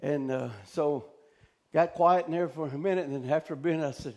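A male preacher delivering a fervent sermon, shouting out loud cries and then dropping to hushed talk. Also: fairly high pitch, fairly quick.

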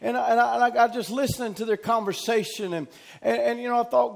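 High-voiced Southern preacher, emphatic and shouting. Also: male voice, fairly even intonation, fast, creaky. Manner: emphatic, repetitive, calls out amen, rises to shouting. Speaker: pastor. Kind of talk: preaching a sermon.

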